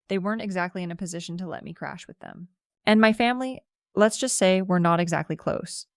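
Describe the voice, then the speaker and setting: A woman's voice: on the low side, dry recording, clean studio sound. A woman telling a first-person story in a conversational, self-justifying way with casual fillers.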